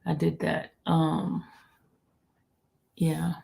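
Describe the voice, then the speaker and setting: A woman's voice: sits low, monotone, drawn-out words, creaky, dark tone. A woman hosting a casual livestream chat, teasing and repeating herself as she reads out viewer comments. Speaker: livestream host.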